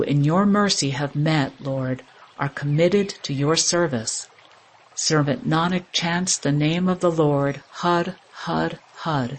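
A reader giving a measured, solemn recitation of devotional scripture. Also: medium pitch, breathy edge.

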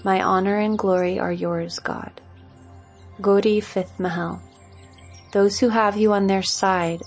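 A woman reads devotional scripture in a slow, measured recitation. Her voice has a gravelly, husky grain, and soft music plays faintly behind her. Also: mid-range voice. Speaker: scripture reader.

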